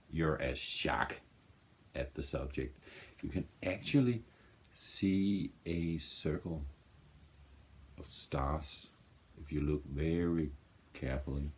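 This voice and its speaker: With a rumbling low, somewhat dark voice, a Danish man talks casually about vinyl in his vlog. English isn't his native tongue, so he keeps starting over and hunting for the right word.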